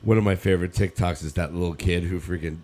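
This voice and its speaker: Warm and low-pitched, this fifty-something podcast co-host speaks quickly with fairly even intonation. He chats casually, wandering through long stories and laughing frequently.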